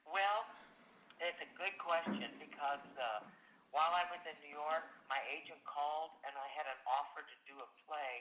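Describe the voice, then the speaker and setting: Older woman, actress, interview, animated storyteller, bright tone, echoey room. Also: low-pitched, normal speed, a little hiss or hum.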